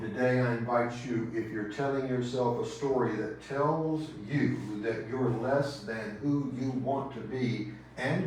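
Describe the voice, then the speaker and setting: A Texan man preaches in a slow, gentle, reflective way, leaving long pauses between his thoughts. His voice sits at an ordinary middle pitch. It rings through a very echoey church sanctuary, picked up from a distance with a faint hum behind it. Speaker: pastor. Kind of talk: sermon.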